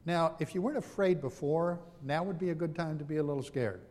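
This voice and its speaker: A man delivering a sermon in a relaxed, conversational way, with personal stories and humor at his own expense. His voice sits fairly high for a man. A long reverb from a large hall hangs behind his words. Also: a little fast. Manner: conversational, self-deprecating storytelling. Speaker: preacher.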